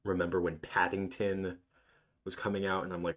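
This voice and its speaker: A young man in his twenties chats casually on a livestream, wandering from memory to memory and restarting his sentences often. His voice sits a little low for a man. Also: flat delivery, moderate pace, fairly bright tone. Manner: rambling, reminiscing, full of restarts. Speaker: livestream host.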